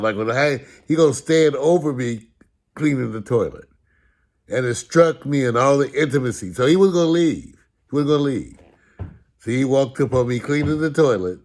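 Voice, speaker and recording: A man telling humorous stories about his upbringing in a sarcastic, animated way, with casual swearing. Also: medium pitch, normal speed. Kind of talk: humorous storytelling talk.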